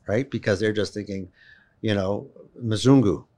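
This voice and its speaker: Brief: man, guest storyteller, animated and emphatic, voice on the low side. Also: normal speed. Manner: animated, emphatic storyteller, repeats words when worked up. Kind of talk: personal storytelling in a conversation.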